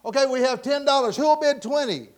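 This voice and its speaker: A man's voice: very high-pitched, a little fast, pitched above the performer's own voice. A man voicing an auctioneer who keeps calling out for bids in a raised, insistent voice.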